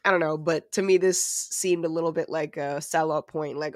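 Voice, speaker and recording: A podcast co-host in casual chat who talks in an animated, profane, joking way. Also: mid-range voice, brisk, hardly any pauses, dry recording, clean studio sound. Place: lives in New York City.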